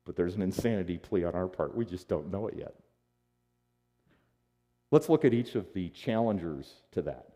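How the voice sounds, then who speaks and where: A man preaching in an animated, conversational style. His pitch moves a lot, rising and falling across phrases. The tone is mellow and relaxed. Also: moderate pace, pauses often. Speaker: pastor. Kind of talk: sermon.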